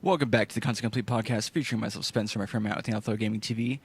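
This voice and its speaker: Husky man hosting a podcast. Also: on the low side, racing, hardly any pauses. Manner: relaxed, steering the conversation. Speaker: podcast host. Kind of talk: casual chat.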